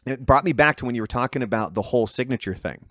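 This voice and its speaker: A man in his thirties from Portland, co-hosting a casual rock podcast with a hoarse, frog-in-the-throat voice, swearing freely and telling stories with lots of restarts. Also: medium pitch, quick pace, no room sound, studio quality. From Portland, Oregon. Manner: swearing, many restarts, lively quoting of others. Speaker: podcast co-host. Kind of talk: casual chat, storytelling.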